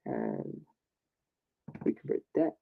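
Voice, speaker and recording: A man rambling and thinking aloud in casual self-talk while recording a hobby video. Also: slow pace. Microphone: laptop or computer mic. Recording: tinny phone-like audio.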